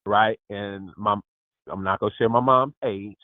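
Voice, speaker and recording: A man in his fifties hosting a lively group call, exuberant and emphatic, often calling out to his listeners. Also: fairly low pitch, measured pace, dry recording. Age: 50s. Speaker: host. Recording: dry tinny phone line.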